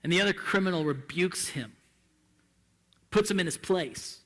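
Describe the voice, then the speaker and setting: A male pastor preaching a sermon in a church, impassioned and swinging between hushed and loud delivery. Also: sits high, normal speed, long reverb tail.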